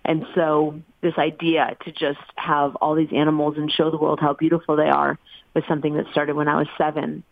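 A low-pitched woman tells her story with earnest feeling. She sounds middle-aged, and her voice comes through a thin, dry phone line. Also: level tone, brisk, vocal fry, no room sound. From United States. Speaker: guest, animal sanctuary founder. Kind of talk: telling her life story in an interview.

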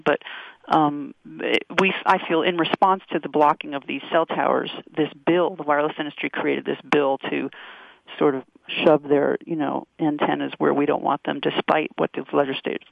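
Gravelly woman on a tinny phone line. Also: low voice, no room sound. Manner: halting, many restarts and fillers. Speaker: activist guest. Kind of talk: phone-in radio interview.

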